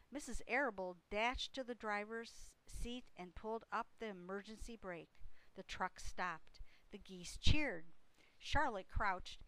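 A woman reading a children's book aloud in a slow, unhurried way, with small slips. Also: medium pitch, fairly bright tone, clear, resonant tone, rough recording. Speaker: storyteller.

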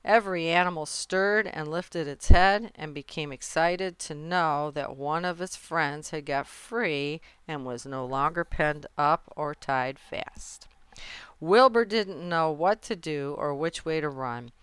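A woman reading a children's storybook aloud in a gentle, measured way. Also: low voice, clear, resonant tone, dry recording. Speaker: storybook narrator. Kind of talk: children's book read-aloud.

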